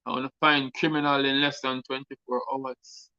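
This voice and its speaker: A man's voice: mid-range voice, level tone, normal speed, sharp tone, clear, resonant tone, no echo, lo-fi sound. A man with a Jamaican accent, a guest artist speaking earnestly on a talk show and repeating words for emphasis.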